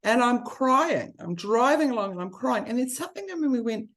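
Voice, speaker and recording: A woman's voice: a little high, big pitch swings, normal speed. A woman, speaking earnestly and from the heart in a conversation about grief. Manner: earnest and heartfelt, speeding up when listing.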